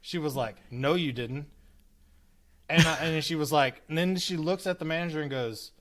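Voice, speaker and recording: A man in his thirties, a podcast co-host, telling a casual story with lively, cursing asides and acted-out quotes. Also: a little high, brisk. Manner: animated, acts out quotes with cursing.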